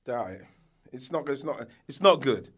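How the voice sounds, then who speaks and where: A man's voice: mid-range voice, moderate pace, breathy edge. A man co-hosting a podcast, telling stories in casual chat and laughing often. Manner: laughing, animated storyteller. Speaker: podcast co-host.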